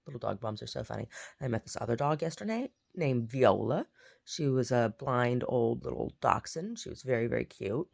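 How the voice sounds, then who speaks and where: A woman's voice: a bass voice, gravelly. A woman who paints, chatting casually to camera in a rambling way, often repeating herself. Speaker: painter vlogging her day. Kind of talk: casual chat.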